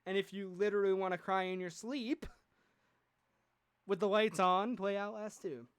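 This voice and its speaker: A man's voice: high voice, fairly even intonation, moderate pace, clean tone. A man hosting a casual podcast chat, rambling and joking with plenty of fillers. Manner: rambling, jokey, lots of fillers. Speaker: podcast host.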